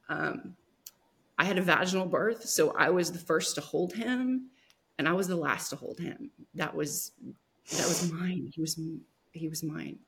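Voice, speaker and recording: With a fairly low pitch, a woman appearing as a podcast guest recounts something from her own life in a gentle, emotional manner, full of pauses and restarts.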